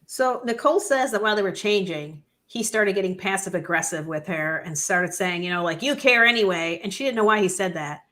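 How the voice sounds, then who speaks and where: A woman's voice: mid-range voice, brisk, hardly any pauses, fairly bright tone. A woman co-hosting a casual podcast, telling the story of a show in her own words. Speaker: co-host.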